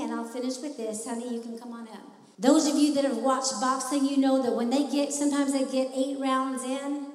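High-voiced woman preaching in an echoey hall. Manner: impassioned preaching, swelling louder on key lines. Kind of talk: sermon. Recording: echoey hall, voice from far off the mic.

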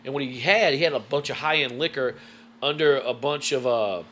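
A man telling a story in casual chat, animated and swearing freely. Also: mid-range voice, fairly quick, slight background noise. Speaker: guest.

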